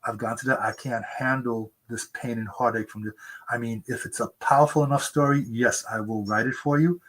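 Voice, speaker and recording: Husky seventy-year-old man telling stories. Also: fairly even intonation, a little fast, a bit bright, low-quality recording. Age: 70s. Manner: earnest storyteller, acts out quotes in a high voice. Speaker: author guest. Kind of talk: conversational interview. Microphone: remote interview mic.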